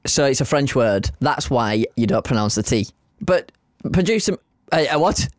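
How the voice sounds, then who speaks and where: A man's voice: medium pitch, animated, moderate pace, no room sound, clean studio sound. A man, co-hosting a casual podcast chat, teasing his co-host and laughing often.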